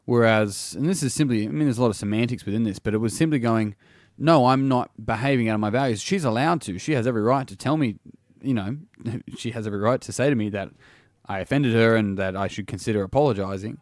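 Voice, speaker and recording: A man's voice: lowish voice, quick pace, darkish tone, dry recording, studio quality. A man hosting a solo podcast and working as a coach, talking casually and bluntly, swearing freely and restarting his sentences often.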